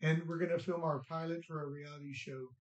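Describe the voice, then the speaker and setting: A man's voice: a little high, fairly even intonation, fairly quick. A man, a toy shop owner, chatting casually and rambling with laughs in an echoey store. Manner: laid-back, laughing, rambling with restarts. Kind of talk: casual interview chat. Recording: roomy echo, dull lo-fi sound.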